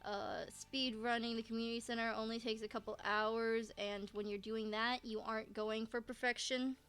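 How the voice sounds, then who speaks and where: A woman's voice: fairly high pitch, flat delivery, moderate pace, fairly bright tone, clear, resonant tone. A woman streamer giving casual let's-play commentary, rambling to herself with frequent restarts and giggles. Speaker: game streamer.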